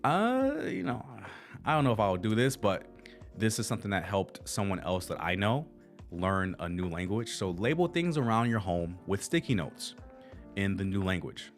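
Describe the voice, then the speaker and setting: A man's voice: sits low, expressive, moderate pace, faint music behind. An American man hosting a casual livestream of tips, rambling in a conversational way and talking straight to his viewers. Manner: rambling and conversational, with frequent restarts, addressing viewers directly. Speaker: channel host.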